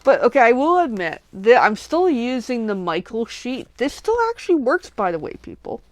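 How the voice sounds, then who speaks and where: A woman crafter chatting casually while making cards, gushing with excitement and slipping into whispers over cute things. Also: on the high side, normal speed, dry recording. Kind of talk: casual crafting livestream chat.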